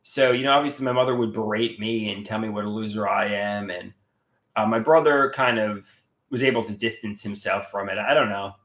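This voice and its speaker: A man's voice: on the low side, a little fast, a bit bright, echoey room. A man chatting casually on a livestream, reading viewer comments aloud and greeting chatters.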